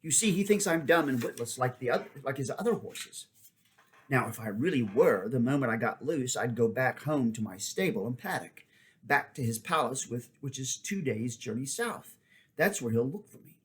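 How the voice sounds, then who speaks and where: A proud talking war horse from a storybook, brisk and commanding, with a scornful edge, as a man reading the tale puts him on. His voice sits at an ordinary middle pitch for a man. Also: animated, close to an everyday voice. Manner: brisk, commanding, a little contemptuous. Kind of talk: audiobook character voice.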